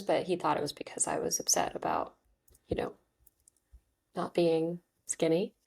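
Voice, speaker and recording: A woman's voice: lowish voice, brisk, a little mellow. A woman in her thirties, hosting a podcast and telling a personal story in a chatty, candid way, full of "like"s and "um"s. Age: 30s. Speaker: podcast host.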